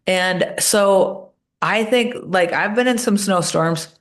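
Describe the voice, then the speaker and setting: A woman's voice: mid-range voice, takes it slowly. A woman talking as a podcast guest, telling stories with energy and acting out the voices of the people she quotes. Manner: animated storyteller, acts out quoted voices. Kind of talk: casual interview talk.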